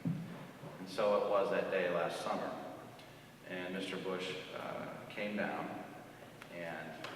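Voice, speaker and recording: A man's voice: low-pitched, steady tone, slow. A man giving a chapel talk to a college audience, telling stories in a conversational way with fillers and self-deprecating humor. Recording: long hall reverb, faint background noise.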